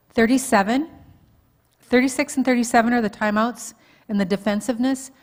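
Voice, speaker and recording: Woman counselor teaching a live church audience. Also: a little high. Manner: informal, checks in with the audience often, laughs at herself. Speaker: marriage counselor and conference speaker. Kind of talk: conversational teaching talk. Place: church hall, live event.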